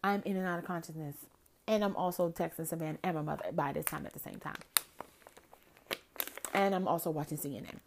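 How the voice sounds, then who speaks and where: A woman's voice: low voice, fairly quick, gravelly, pauses often, noisy background. A woman in her forties, ranting sassily in a casual monologue about dating and texting, tired and crampy. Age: 40s. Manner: sassy, animated ranting. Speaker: vlogger.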